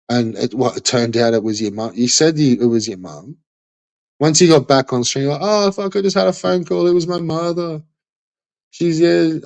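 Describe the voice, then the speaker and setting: A man in a profane rant, talking bluntly and loosely with constant slang and fillers. His voice sits at an ordinary middle pitch. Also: a little mellow, low-quality recording. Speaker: commentator on a streamer. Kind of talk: ranting monologue.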